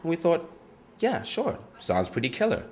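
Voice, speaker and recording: Man acting a defensive young slangy witness; lively, swooping delivery. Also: fairly high pitch, normal speed, slight background noise, pitched above the performer's own voice. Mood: laid-back. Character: young streetwise male murder-trial witness. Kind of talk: audition monologue.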